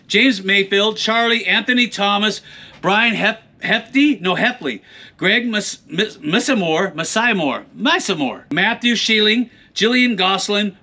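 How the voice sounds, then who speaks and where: A man's voice: high voice, pushed and bright. A man hosting his show, reading out supporter names with folksy cowboy banter and playful jokes. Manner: jokey, folksy cowboy talk, playful mispronunciations. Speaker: host.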